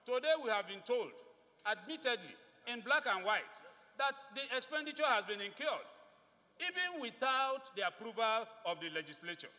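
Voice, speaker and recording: A male lawmaker with a Nigerian English accent addresses the house in a formal, emphatic way, leaning hard on single words. His voice sits high and sounds bright. The sound rings out with the long reverb of a large chamber. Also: very animated, normal speed. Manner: formal, emphatic, rising to stress key words. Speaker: legislator. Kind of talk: parliamentary floor speech.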